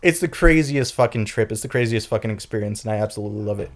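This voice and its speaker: A man's voice: lowish voice, fast talker. A young man, a podcast co-host, telling a story casually, swearing a lot and acting out quotes. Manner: profane, animated retelling with acted quotes.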